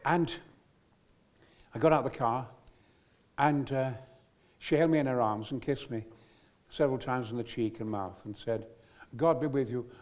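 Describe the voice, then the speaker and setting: An older man, a guest actor, telling a long anecdote on stage at a live event with exuberant, theatrical flair and sudden booming outbursts. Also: steady tone, normal speed, pauses often.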